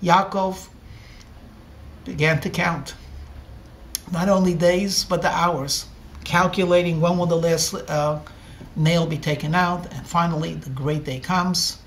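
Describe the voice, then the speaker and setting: A man's voice: a little high, steady tone, unhurried, pauses often, fairly bright tone, slight background noise. A man, a rabbi, telling a story in a sermon and acting out the characters' lines dramatically. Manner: dramatic storyteller, acts out dialogue.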